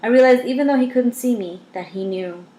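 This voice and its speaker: A woman reading a first-person novel aloud, measured with dramatic pauses and wry asides. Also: a little high, dark tone, a little hiss or hum. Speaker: audiobook reader. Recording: roomy echo.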